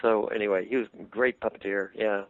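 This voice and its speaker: An older man, a puppeteer, telling animated anecdotes in an interview and laughing easily. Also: lowish voice, fairly quick, dry recording. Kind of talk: interview storytelling. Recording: tinny phone-line sound, dry.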